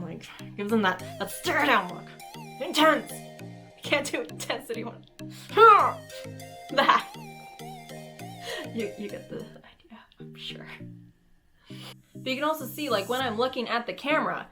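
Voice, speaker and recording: Woman, playful and goofy, cosplay tutorial host, slightly high voice, faint music behind. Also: bright, forceful tone. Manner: playful, goofy, acts out expressions. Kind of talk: casual talk to camera.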